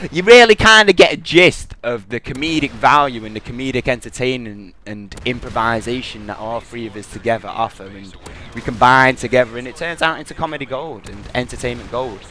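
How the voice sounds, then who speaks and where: A man's voice: mid-range voice, pushed and bright, slight background noise. A young man hosting a gaming podcast, rambling and trash-talking over his gameplay. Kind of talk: gameplay commentary with banter. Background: gunfire from the game.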